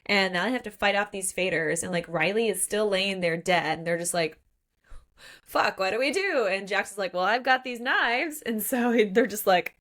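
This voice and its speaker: A woman's voice: medium pitch, expressive, normal speed, fairly bright tone. A woman co-hosting a book podcast, retelling a plot in casual chat and acting out the characters' lines. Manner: frequent "like" fillers. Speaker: podcast co-host.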